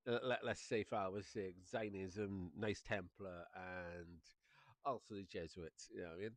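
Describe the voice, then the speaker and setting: A man's voice: low-pitched, fairly even intonation, moderate pace, no echo. A Welsh man rambling through a casual vlog monologue, chuckling often and swearing freely, with many fillers. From Wales. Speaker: vlogger.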